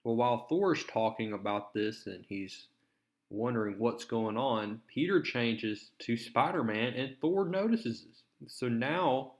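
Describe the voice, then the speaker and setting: Man, casual comic recap, slow unhurried delivery, loose filler-laden storytelling. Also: mid-range voice. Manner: relaxed, filler-heavy storytelling. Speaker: comic book reviewer.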